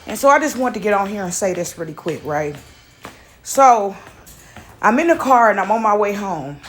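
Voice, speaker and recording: A woman's voice: medium pitch, animated, normal speed, a little hiss or hum. Out-of-breath chatty woman. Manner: chatty, keeps asking "right?". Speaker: vlogger. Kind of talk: casual spiritual vlog chat. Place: in a house with her dog.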